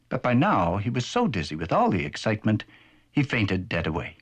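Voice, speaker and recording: Male narrator, playful storybook telling, very lively pitch, husky, vintage cartoon. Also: fairly quick.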